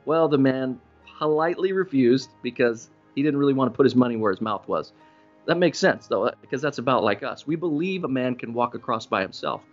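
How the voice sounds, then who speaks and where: A man preaching a sermon speaks fairly quickly in a middle-range voice, telling stories in a casual, chatty manner. He jumps up in pitch to stress key points, while faint music runs under the slightly dull audio.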